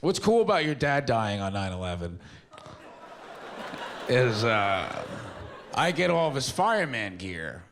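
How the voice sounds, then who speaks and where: A man's voice: mid-range voice, big pitch swings, unhurried, pauses often, background noise. A young man, telling loose, mumbly stories in a stand-up set and acting out quotes. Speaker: stand-up comedian. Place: theater stage with a live audience.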